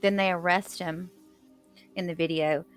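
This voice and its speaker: A woman with a low voice retells a tense interrogation in a casual recap, leaning on fillers and raising her intensity when she quotes heated lines. Faint music plays quietly underneath. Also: fairly even intonation, unhurried. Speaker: commentator retelling courtroom testimony.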